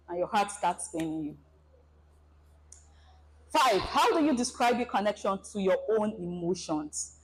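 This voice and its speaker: A woman giving a relationship seminar, animated and acting out everyday scenarios for her audience. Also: mid-range voice, breathy edge, poor audio. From Nigeria. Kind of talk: presentation talk to an audience.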